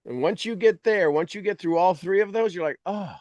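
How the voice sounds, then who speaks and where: A man talking as a mentor, coaching his audience in an animated, teasing way and acting out their complaints in quoted voices. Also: high-pitched, fairly quick, dry recording, dull audio. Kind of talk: motivational coaching talk.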